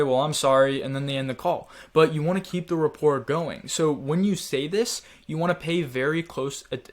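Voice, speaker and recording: A man with a fairly high voice gives a sales training lesson. He coaches in a direct, urging way and talks straight to his viewers.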